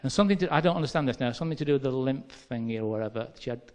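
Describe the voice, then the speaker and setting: A man from England with a Midlands accent, preaching a sermon as a lively conversational story with quoted dialogue. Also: mid-range voice, rapid-fire. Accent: English Midlands.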